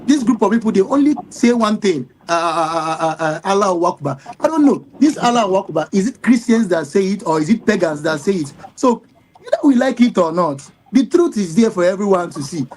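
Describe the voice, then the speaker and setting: Nigerian guy on a tv panel, high voice, fired up, keeps firing questions and going uh uh uh. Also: big pitch swings, fairly quick, a little mellow, slight background noise, rough recording. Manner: emphatic and indignant, many rhetorical questions, stacked "uh" fillers. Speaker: guest commentator. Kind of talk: live TV discussion.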